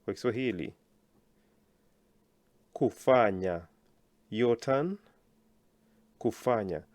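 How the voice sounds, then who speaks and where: A man teaching a language lesson, slowly enunciating words for learners to repeat and praising them often. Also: lowish voice, lively intonation, darkish tone, no echo.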